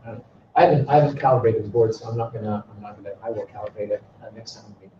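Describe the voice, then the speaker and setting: A man's voice: lowish voice, very fast, a little hiss or hum. A man teaching a beginners' Greek class, drilling words for students to repeat and stretching words out to show stress. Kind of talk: classroom lecture. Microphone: far from the mic. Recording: distant, roomy, dull classroom recording.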